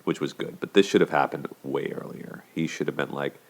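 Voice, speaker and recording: An extremely low, gravelly voice belongs to a show host who talks briskly about relationships with hardly any pauses. He is casual and conversational, constantly using "you know" and "like" and restarting sentences.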